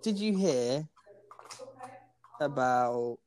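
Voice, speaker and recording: A man with a non-American English accent, co-hosting a casual sports podcast and reading news aloud haltingly with plenty of fillers. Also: medium pitch, animated, a little mellow, a little hiss or hum. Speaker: podcast co-host.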